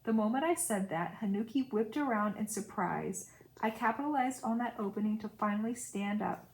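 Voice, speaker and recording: A woman's voice: mid-range voice, moderate pace, a little mellow, a little hiss or hum, poor audio. A woman reading a novel aloud, stopping now and then for brief casual asides. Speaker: audiobook reader.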